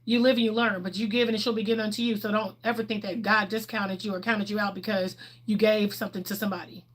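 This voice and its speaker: A woman's voice: mid-range voice, level tone, fast talker. A middle-aged woman, chatting candidly on a livestream and answering viewers' questions, laughing often. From Texas, USA. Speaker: livestream host.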